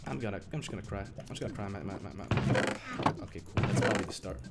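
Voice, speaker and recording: A young man streaming a game, complaining and swearing, muttering low one moment and shouting the next. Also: very fast, husky. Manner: frustrated, swearing, swings from mumbling to shouting. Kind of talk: live gameplay commentary. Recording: game music behind the voice. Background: game music.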